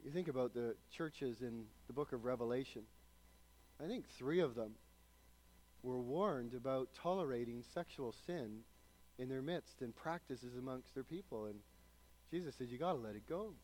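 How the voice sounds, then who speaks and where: A man preaching a sermon, swinging from loud, raised emphasis down to quiet, hushed passages. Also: medium pitch, expressive, normal speed. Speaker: pastor.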